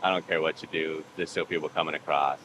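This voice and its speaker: A man's voice: very deep voice, steady tone, fast talker. A man chatting casually as a podcast guest, rambling through a story and acting out the voices of others. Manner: rambling, acts out quoted voices. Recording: background noise.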